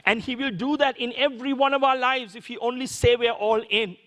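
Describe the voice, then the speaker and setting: A man's voice: very high voice, steady tone, fairly quick, a bit bright, long reverb tail. A man preaching a sermon as a pastor, in a conversational way full of rhetorical questions. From Sri Lanka.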